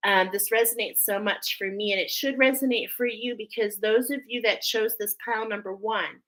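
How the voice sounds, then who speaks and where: A woman's voice: medium pitch, fairly even intonation, normal speed, a bit bright, rough recording. A woman hosting a spiritual oracle card reading, talking effusively and often emotionally. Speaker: angel oracle card reader.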